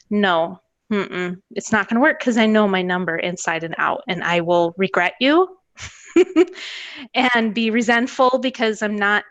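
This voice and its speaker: A woman's voice: mid-range voice, fairly bright tone, dry recording. A woman in her thirties, a tutoring business owner, talking candidly in an interview, laughing often and acting out quoted examples. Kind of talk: casual interview conversation.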